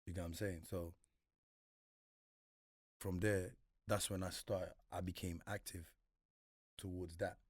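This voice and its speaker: A deep, husky voice belongs to this unhurried young guest, who pauses often while recounting his life in a casual interview. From Congo and London-accented, he leans on street slang and animated, acted-out quotes. The recording is dry and studio quality.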